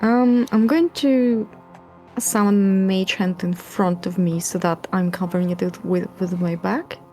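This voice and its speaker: A woman's voice: medium pitch, fairly even intonation, unhurried, dark tone. Woman, tabletop player, casual matter-of-fact talk, faint music behind. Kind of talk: casual tabletop game chat.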